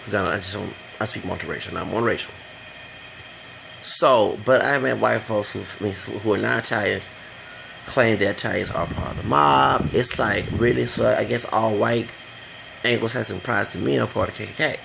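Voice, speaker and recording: A man's voice: fairly low pitch, moderate pace, vocal fry, noisy background. A man giving a rambling, blunt opinion rant for his vlog, swearing freely as he goes. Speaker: vlogger.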